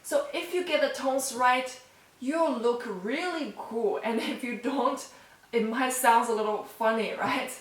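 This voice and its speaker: A woman's voice: on the high side, unhurried, far from the mic. Friendly woman teacher in a roomy space. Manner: friendly, often ends phrases with "okay?" and "right?". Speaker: language teacher. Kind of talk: casual online lesson. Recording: roomy, voice set back from the mic.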